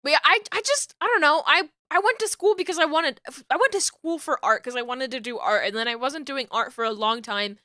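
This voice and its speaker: A woman's voice: sits high, brisk, few pauses, pushed and bright, no echo, clean studio sound. A young woman streamer chatting casually and rambling while she works, laughing often. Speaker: streamer and VTuber rigging artist.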